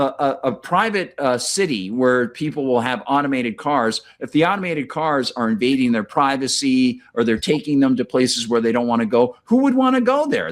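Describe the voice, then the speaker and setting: Rambling man chatting on a podcast. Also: mid-range voice. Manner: rambling, many restarts and fillers. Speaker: podcast host. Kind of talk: casual conversation.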